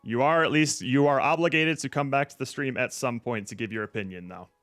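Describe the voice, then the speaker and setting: A man's voice: mid-range voice, brisk, fairly bright tone, no room sound, soft background music. Male streamer host, playful slang, dry close voice. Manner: jokey and slangy, wrapping things up. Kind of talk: casual stream chat.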